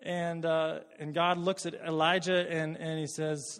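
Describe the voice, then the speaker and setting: A man's voice: a little high, level tone, measured pace, fairly bright tone. Man preaching a sermon in a reverberant hall. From Canada. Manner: conversational preaching, frequent word repeats. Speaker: pastor.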